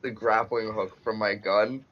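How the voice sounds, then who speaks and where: A man playing a tabletop game over a call, animated and quick to cry out at bad luck. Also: on the low side, dull audio. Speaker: player. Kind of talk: casual chat over a video call.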